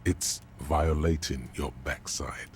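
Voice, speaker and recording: An actor voicing a wry second-person narrator inside a detective's head, with dry, sardonic delivery. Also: male voice, a bass voice, steady tone, takes it slowly, breathy edge, full character voice. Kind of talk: video game narration. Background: game music.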